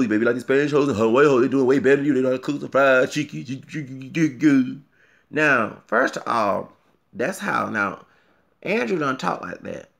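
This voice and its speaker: Man vlogger, mid-range pitch with a lot of fry, rambling and forceful rant that keeps checking in with "okay?". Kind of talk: ranting video commentary.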